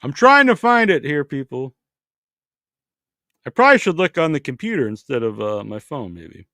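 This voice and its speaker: A man's voice: fairly high pitch, very animated, normal speed, bright, forceful tone, no room sound, clean studio sound. A man hosting a podcast in casual chat, chatty and thinking aloud as he searches online. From Massachusetts. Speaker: podcast host.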